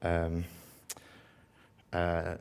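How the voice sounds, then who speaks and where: A man's voice: low voice, monotone, very slow, creaky, a little mellow, clear, resonant tone. A man giving a casual live-coding talk to a conference audience, full of ums and uhs. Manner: casual, filler-heavy, upbeat when engaging audience. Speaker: conference speaker.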